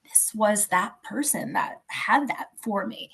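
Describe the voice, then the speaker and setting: Podcast guest: woman, 50s, slow and halting, a gravelly edge, soft-spoken. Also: medium pitch. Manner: halting, soft, searching for words. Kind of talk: personal storytelling in an interview.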